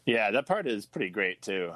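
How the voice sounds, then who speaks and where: A man's voice: lowish voice, very animated, moderate pace, a bit bright, dry recording, low-quality recording. A man co-hosting a casual comedy podcast chat, easygoing and jokey. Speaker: podcast co-host.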